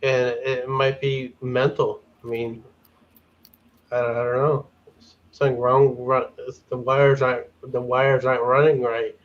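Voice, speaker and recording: Male panel guest, hesitant and halting, average pitch; heard over a dull remote line. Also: level tone. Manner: hesitant, repeats words, restarts. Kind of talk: casual opinion chat.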